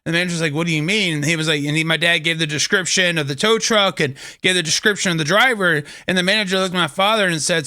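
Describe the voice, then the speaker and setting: A man with a bright, forceful tone and a slightly high voice talks earnestly about his faith and stumbles through restarts as he tells a story. The sound is close and dry. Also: quick pace, few pauses, dry recording. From Kentucky. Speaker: host of a faith talk show. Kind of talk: casual inspirational talk.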